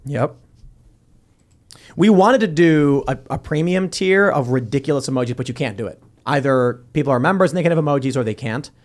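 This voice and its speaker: Jokey male podcast host reading comments. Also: mid-range voice. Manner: wry, jokey, quick asides. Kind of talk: casual chat, reading viewer comments aloud.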